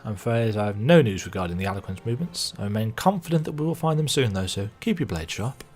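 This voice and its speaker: A man's voice: on the low side, animated, quick pace, a little mellow, faint music behind. A man voicing an earnest, formal young male companion in a video game.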